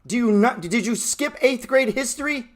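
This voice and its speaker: A man's voice: very high voice, expressive, moderate pace. A man in his thirties hosting a trading show, giving a blunt, mocking, profane motivational rant. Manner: blunt, brash and mocking, heavy swearing.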